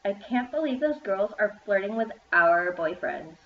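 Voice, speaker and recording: A woman's voice: mid-range voice, animated, unhurried, recorded from a distance. A woman reading the part of a snobbish, spiteful teenage girl, in an echoey room with dull sound. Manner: snobbish, insistent.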